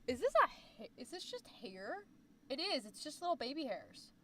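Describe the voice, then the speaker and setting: A woman streamer in casual chat, animated and profane, swinging between loud and soft. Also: sits high, moderate pace, a little hiss or hum. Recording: dry sound, voice a bit far from the mic.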